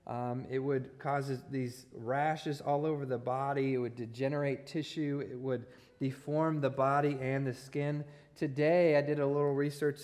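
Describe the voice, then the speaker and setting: Preaching in a church sanctuary, a forty-something pastor laughs at his own humor as he tells a personal story with self-deprecating jokes. His voice is on the high side and a little mellow.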